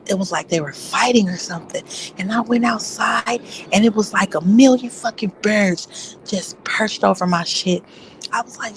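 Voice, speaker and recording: A woman chatting casually and profanely, rambling through stories with loud outbursts. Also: on the low side, normal speed, a little hiss or hum, low-quality recording. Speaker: vlogger. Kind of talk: casual chat.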